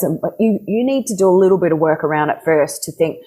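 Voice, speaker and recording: A woman relationship coach talking in a podcast conversation, animated, laughing often and acting out quoted dialogue. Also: fairly low pitch, fairly quick, few pauses, slightly rough, low-quality recording.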